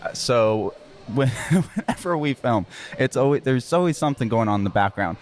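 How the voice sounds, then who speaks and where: A man's voice: medium pitch, expressive, normal speed, slight background noise. A man hosting a local podcast, chatting casually with his guest and making jokes. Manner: friendly, joking, many fillers. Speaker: podcast host. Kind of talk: casual interview chat.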